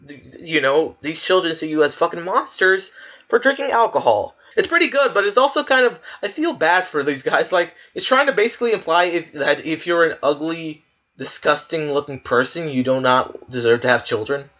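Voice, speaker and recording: A man's voice: fairly high pitch, animated, normal speed, sharp tone, dull audio. A man giving casual, profane commentary while ranking clips, ranting in disbelief and laughing. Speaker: video creator ranking clips.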